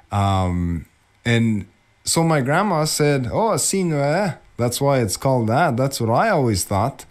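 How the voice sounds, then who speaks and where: A man teaching young children about a plant, telling a family story in a casual way and acting out the voices of the people in it. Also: lowish voice. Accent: Anishinaabe community English. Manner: animated, acts out quoted voices.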